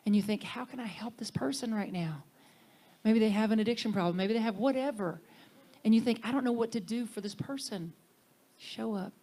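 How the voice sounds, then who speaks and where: Middle-aged woman minister, conversational sermon delivery, drops to hushed near-whispers for key points. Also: medium pitch. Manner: warm conversational preaching, dropping to soft near-whispers for emphasis.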